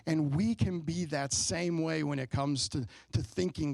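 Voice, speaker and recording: A man in his thirties preaching a sermon in a relaxed, conversational way, telling a family story and asking the congregation questions. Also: fairly high pitch, a little slow, gravelly, hardly any pauses, dry recording. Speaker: pastor. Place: church sanctuary.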